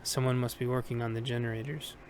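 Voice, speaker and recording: Stern female captain with a Russian accent, read by a man, curt, even-voiced, light background hiss. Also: medium pitch, quick pace, lightly acted. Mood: measured. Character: stern middle-aged woman captain, Russian-tinged.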